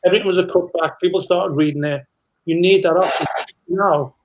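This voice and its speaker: A man's voice: high-pitched, fairly even intonation, a little fast, dull audio. A middle-aged man, a former footballer, telling anecdotes in a rambling casual chat with many restarts.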